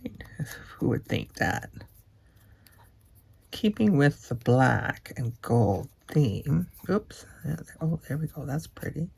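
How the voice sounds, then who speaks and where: A woman's voice: rumbling low, sing-song, slow pace, gravelly, a little mellow, husky. A woman craft vlogger chatting casually as she works, often murmuring to herself and dropping into a whisper.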